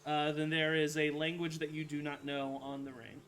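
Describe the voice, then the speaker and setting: A man narrating as game master of a tabletop game, halting and full of fillers and self-corrections. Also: fairly high pitch, little pitch movement, a bit bright.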